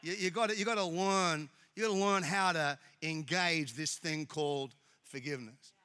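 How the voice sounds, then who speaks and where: A man preaching a sermon in an animated, jokey way, often repeating his words. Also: a little high, moderate pace, clean tone. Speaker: pastor. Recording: echoey hall with long reverb.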